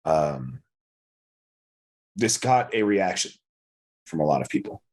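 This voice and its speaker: A man's voice: rumbling low, sing-song, takes it slowly. A man narrating as game master of a tabletop game, casual and storytelling.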